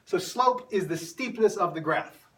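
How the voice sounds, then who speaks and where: A man's voice: sits high, animated, unhurried, a bit bright, far from the mic. A male math teacher telling a self-mocking story to his class before moving into the lesson.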